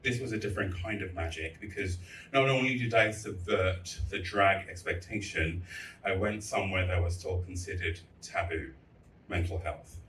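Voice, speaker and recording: A man with a lowish voice delivers a candid public speech, telling stories with blunt, crude humor. He is heard from a distance in an echoey hall, with faint ambience behind him. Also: moderate pace, fairly bright tone, slight background noise. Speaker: festival speaker.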